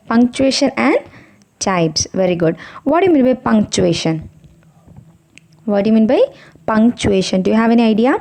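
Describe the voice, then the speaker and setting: A woman's voice: on the high side, dark tone. A woman with an Indian English accent teaching an online primary school English lesson. She asks questions, answers them herself, and often adds "isn't it?".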